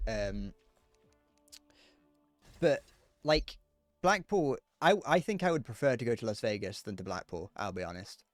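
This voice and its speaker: A young man from Northern Ireland livestreams games, talking casually to viewers, rambling, and laughing at his own jokes. His fairly low voice is expressive and measured, with long pauses. There's no echo, and soft music plays underneath.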